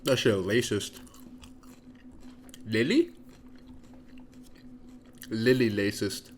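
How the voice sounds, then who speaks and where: Profane, excitable male streamer reacting. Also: on the low side, very slow, a little hiss or hum. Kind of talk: casual live reaction commentary.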